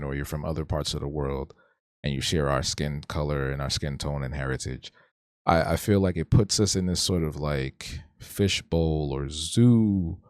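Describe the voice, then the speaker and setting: A man's voice: very deep voice, no echo, studio quality. A man hosting a casual livestream, talking reflectively and rambling, often restarting and stuttering. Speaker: streamer hosting an art talk show.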